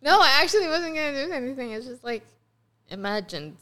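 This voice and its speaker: A woman's voice: high voice, big pitch swings, a little fast, crowd noise. A young adult woman co-hosting a podcast in casual chat, giggly and a bit self-conscious. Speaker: podcast co-host.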